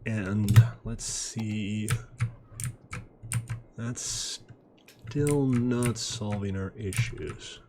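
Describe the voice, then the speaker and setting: Gameplay narrator, man with a lowish voice, laid-back and wry, faint clicking in the background. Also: extremely slow, pauses often, noisy background. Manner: relaxed, self-deprecating, chatty asides. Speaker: gaming video host. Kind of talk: casual gameplay commentary. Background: faint mouse clicks and typing.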